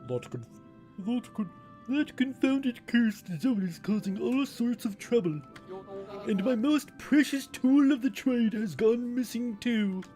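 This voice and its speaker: A woman voicing a worried middle-aged male merchant who laments his troubles in a slow voice. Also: a little high, animated, warm tone, soft background music, voice pushed up. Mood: fretful.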